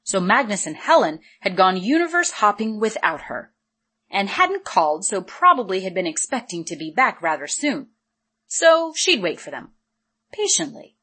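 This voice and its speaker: A woman narrating an audiobook in a steady, measured reading voice. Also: mid-range voice, slightly rough.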